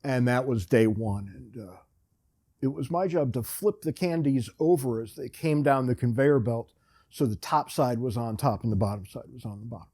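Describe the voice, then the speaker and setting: A man's voice: mid-range voice, normal speed, warm tone. A man hosting a podcast, telling a rambling, self-deprecating story in a casual, wry way. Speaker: podcast host.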